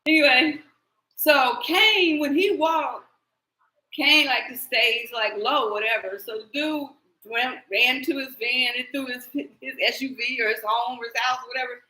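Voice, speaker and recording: A woman hosting a live tarot stream, telling rambling stories in a casual, animated way, laughing often and swearing freely. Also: sits high, unhurried, reverberant, rough recording.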